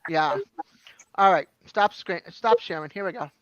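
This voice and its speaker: A woman's voice: on the low side, moderate pace, no echo. A woman chatting as a guest on a live stream over a video call, rambling with lots of ums. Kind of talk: casual chat. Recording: dull lo-fi stream audio.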